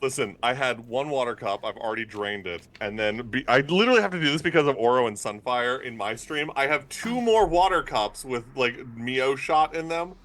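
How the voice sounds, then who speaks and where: Chatty bright-voiced streamer. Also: mid-range voice, lively intonation, brisk, hardly any pauses. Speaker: player. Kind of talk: casual stream chat.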